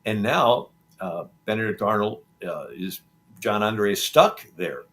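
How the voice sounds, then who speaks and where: A man's voice: on the low side, lively intonation, unhurried, a bit bright. A man being interviewed as a historian, retelling history in a rambling conversational way with frequent ums and restarts. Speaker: historian guest. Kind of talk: conversational storytelling.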